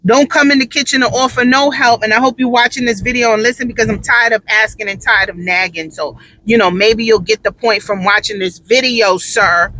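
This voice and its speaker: A tired mother in casual storytelling, talking in an animated, sassy way and leaning on emphatic repeats. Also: a little high, fairly quick, hardly any pauses, slight background noise. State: tired, drained. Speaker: mother and vlogger.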